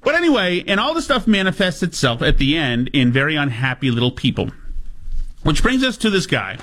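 A man's voice: a little high, sing-song, a little fast, a bit bright. Chatty, sarcastic male talk host. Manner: chatty, sarcastic, with stumbling asides. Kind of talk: casual commentary.

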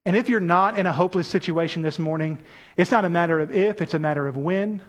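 A pastor preaches to his congregation, his voice pitched high for a man. He delivers the sermon in an animated way and keeps calling on the people in front of him to answer and take part. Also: quick pace.

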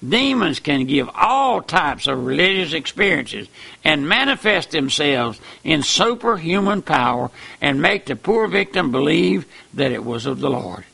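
A man preaching a fervent sermon, emphatic, with wide swings in loudness. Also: a little high, creaky, slightly rough.

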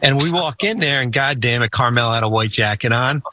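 A man telling casual stories on a podcast, rambling and animated, with many fillers and restarts. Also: mid-range voice, a little fast, noisy background. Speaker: former team executive telling stories.

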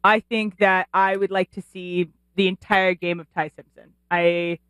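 A woman producing and chatting on a sports radio show, talkative and quick to laugh. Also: on the low side, clean tone, no room sound, low-quality recording. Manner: chatty, quick to laugh, restarts when excited. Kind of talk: casual sports talk.

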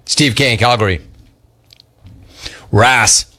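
A man with a medium-pitched, sharp, expressive voice speaks at a moderate pace while hosting a live talk show. In casual banter he reads listener complaints and teases a caller about his name with mocking repetition.

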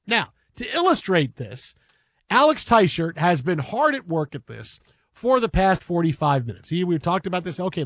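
A man's voice: fairly high pitch, no room sound, studio quality. A man hosting a casual sports talk show, chatty and playful.

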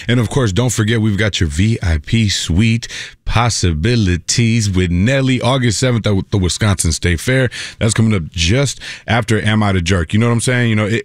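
Lower-voiced male radio co-host, dry mic. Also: no echo. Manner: slangy, quick reactive interjections. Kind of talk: morning radio banter. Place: radio studio. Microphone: studio microphone.

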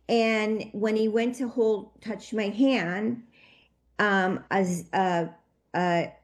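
A woman telling a personal story in an interview, her voice shaky with emotion and her telling halting and full of restarts. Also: mid-range voice. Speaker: interview guest.

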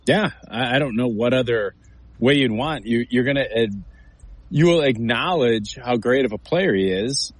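A man's voice: mid-range voice, moderate pace, no echo, poor audio. Emphatic male former lineman turned analyst. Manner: emphatic, storytelling, acts out quotes. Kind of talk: sports talk show.

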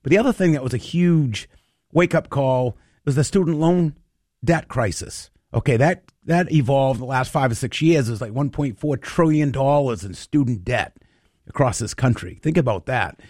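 A man's voice: mid-range voice, normal speed, a little mellow, dry recording, clean studio sound. A middle-aged man, talking in an earnest, folksy interview style and leaning on "you know" as he makes his points. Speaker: interviewee, trades advocate. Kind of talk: conversational interview.

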